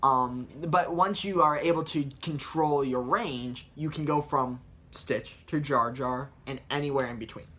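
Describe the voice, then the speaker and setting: A man's voice: medium pitch, a little slow, a bit bright. A young man in his late teens chatting casually as a vlogger about voice impressions, rambling and upbeat with lots of fillers. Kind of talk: casual tutorial chat.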